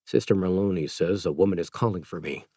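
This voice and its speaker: A man's voice: low voice, quick pace, dark tone, no echo, studio quality, voice pushed down. Man voicing a weary grim doctor. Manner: tired, grim.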